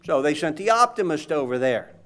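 A man preaching a sermon in an animated, conversational way, asking the audience questions. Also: a little high, brisk.

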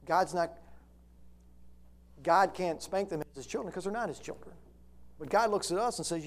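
A man's voice: high voice, normal speed, long pauses. A middle-aged man preaching a sermon, reading scripture and then pressing his points with rising intensity.

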